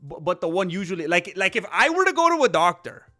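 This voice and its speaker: A man hosting a casual livestream, rambling and animated as he chats with viewers. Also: high-pitched, fast talker, faint music behind. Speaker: livestream host.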